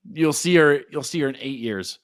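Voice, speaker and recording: A man with an ordinary mid-range voice co-hosts a casual podcast. He pitches sponsors in an upbeat, salesy way and teases his partner playfully. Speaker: podcast co-host. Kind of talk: reading an ad read, casual chat.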